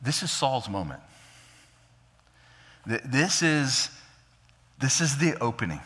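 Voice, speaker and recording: Bright-voiced male preacher in a reverberant hall. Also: mid-range voice, slow, breathy edge. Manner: animated, with frequent stammered restarts. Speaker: pastor. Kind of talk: sermon.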